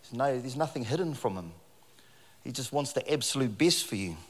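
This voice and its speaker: A middle-aged New man preaching into a handheld mic, swinging between easy jokes and lively stories. His voice sits at an everyday pitch and rings out with a long reverb from the church hall. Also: fairly quick. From New Zealand. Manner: jokey, animated storytelling with frequent laughs. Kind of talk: sermon.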